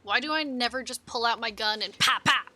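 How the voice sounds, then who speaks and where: A woman's voice: a little high, fairly quick, bright, forceful tone, no echo. A young woman streamer chatting with jokes and swearing during live game commentary. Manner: joking, swearing, giggly asides.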